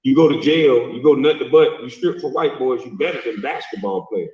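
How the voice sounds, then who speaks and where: A man's voice: medium pitch, fairly quick, darkish tone, recorded from a distance. A middle-aged man hosting a livestream, ranting and mocking in a profane, scolding way. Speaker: livestream host. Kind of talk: heated reaction rant. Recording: echoey, from off-mic.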